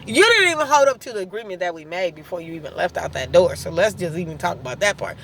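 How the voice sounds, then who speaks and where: A woman's voice: on the low side, sing-song, quick pace, hardly any pauses, fairly bright tone, slight background noise. A woman in her thirties telling a story in a blunt, sassy way, laughing as she vents, recorded in a car. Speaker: vlogger. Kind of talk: venting storytime monologue.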